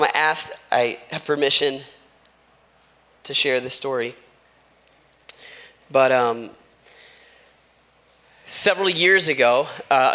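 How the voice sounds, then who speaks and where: A man's voice: mid-range voice, sharp tone. A man preaching a sermon as a church pastor, talking conversationally and telling stories with asides. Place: church sanctuary. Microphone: wireless microphone.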